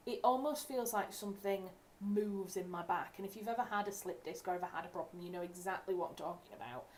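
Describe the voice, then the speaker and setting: A woman's voice: mid-range voice, fast talker, slight background noise. A young woman from England, a writer hosting a casual livestream at home, talking in a chatty, rambling way and correcting herself as she goes. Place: home room.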